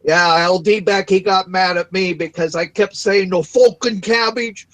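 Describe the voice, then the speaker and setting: A man from the Pacific coast of the United States, chatting casually and haltingly, repeating words and adding fillers. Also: sits high, fairly even intonation, fairly bright tone, low-quality recording. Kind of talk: casual voice chat.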